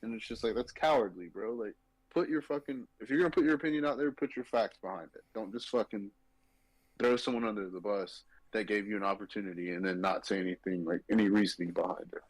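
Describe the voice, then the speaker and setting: A man's voice: lowish voice, fast, no room sound, rough recording. A man co-hosting a sports betting podcast, ranting emphatically and profanely in casual chat. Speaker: podcast co-host.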